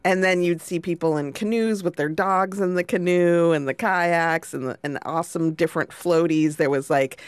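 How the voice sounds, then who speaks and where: Relaxed chatty storyteller, smooth voice. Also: medium pitch, moderate pace, few pauses, no echo. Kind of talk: casual chat.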